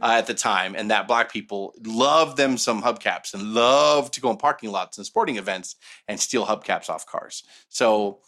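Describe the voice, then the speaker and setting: A man's voice: fairly low pitch, moderate pace, few pauses, bright, forceful tone. A middle-aged man casually telling a long story as podcast co-host, profane and sardonic, with mocking voice impressions.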